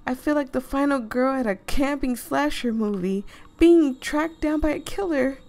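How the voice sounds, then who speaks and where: A woman reading a story game aloud to viewers, animated and expressive, swearing freely and breaking off into laughing asides. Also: high voice, moderate pace. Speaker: gaming video creator.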